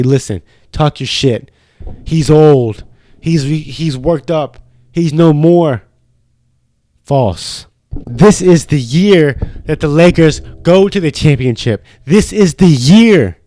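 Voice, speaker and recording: This young adult podcast host rants loosely in a studio, swearing constantly in casual, fired-up chat. His voice is on the high side with a darkish tone, and there's no echo.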